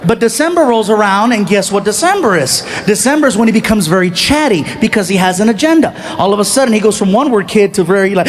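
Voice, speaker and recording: A middle-aged man performing a stand-up comedy routine, telling animated stories and acting out the voices of his family. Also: high voice, fast, hardly any pauses. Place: comedy stage with a live audience.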